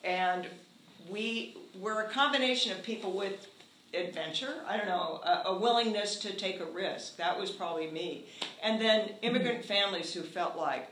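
An older man telling a housing story at a community meeting, animated, earnest and wry. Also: high-pitched, moderate pace, a little hiss or hum. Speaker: housing activist speaker. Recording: echoey room.

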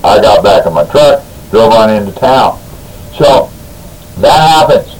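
A man's voice: lowish voice, expressive, unhurried, a little mellow, slight background noise, low-quality recording. A man as a radio talk guest, telling a long story in a folksy, rambling way, with stumbling restarts. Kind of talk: radio talk, anecdote and legal commentary.

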